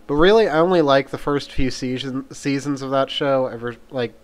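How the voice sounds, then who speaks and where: A man's voice: mid-range voice, moderate pace. Young male vlogger, casual and rambling, mid-range voice, offhand swearing. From Mon Valley, Pennsylvania. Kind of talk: casual tag video chat.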